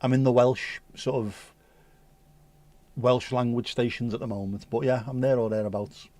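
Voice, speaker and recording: A man's voice: medium pitch, level tone, normal speed, mellow, dry recording. A man hosting a casual livestream, chatting with viewers in a jokey, teasing, rambling way. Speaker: livestream host.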